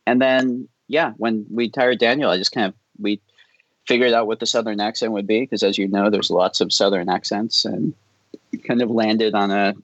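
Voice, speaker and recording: A man guesting on a podcast, talking in a relaxed, rambling way and laughing often. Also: fairly low pitch, normal speed, dry recording, highs cut off. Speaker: film director guest. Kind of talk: casual podcast interview.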